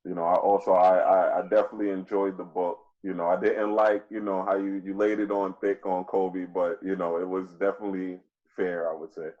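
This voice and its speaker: He has a very deep voice that barely rises or falls. His remarks come out halting and hedged, with repeated words. The audio is muffled and lo-fi, a little off the mic. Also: little pitch movement. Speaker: podcast co-host. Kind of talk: casual chat.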